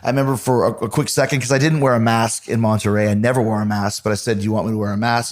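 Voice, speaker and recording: A middle-aged man from Canada, a podcast host telling a story in an animated, conversational way. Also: lowish voice, rapid-fire, hardly any pauses. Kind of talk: casual storytelling monologue.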